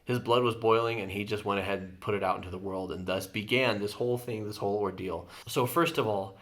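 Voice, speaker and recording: A man's voice: fairly low pitch, steady tone, a little fast, a bit bright. A man, a therapist hosting his channel, talking through conflict steps in an earnest, explanatory way. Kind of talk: reaction video commentary, advice.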